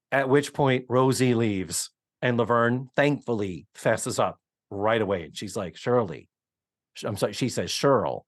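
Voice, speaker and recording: Man, podcast co-host, lively pitch, acts out quotes, dry close sound. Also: no room sound. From Orlando. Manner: animated, acts out quoted lines. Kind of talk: casual chat recapping a sitcom episode.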